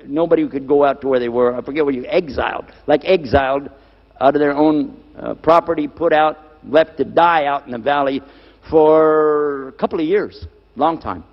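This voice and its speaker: A man's voice: a little high, normal speed. A man preaching on scripture to a live audience, stressing key words again and again and asking his listeners questions. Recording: dull lo-fi recording with long hall reverb.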